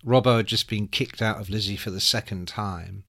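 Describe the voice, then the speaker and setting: A man, a music journalist telling anecdotes in a casual, animated way, swearing freely. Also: fairly low pitch, normal speed, gravelly, no room sound, clean studio sound. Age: 60s. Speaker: music journalist and podcast host.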